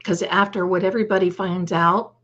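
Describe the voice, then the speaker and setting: A woman's voice: fairly low pitch, steady tone, a little fast, fairly bright tone, muffled recording. An older woman hosting a live stream, chatting casually, telling a story and greeting viewers by name. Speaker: livestream host.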